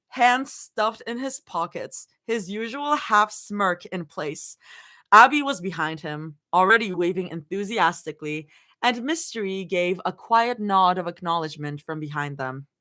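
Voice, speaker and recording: A woman's voice: fairly high pitch, bright, forceful tone. A young woman reading fanfiction aloud on a livestream, often breaking into giggles and chatting with viewers. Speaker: fanfiction reader and streamer. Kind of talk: live reading with reactions.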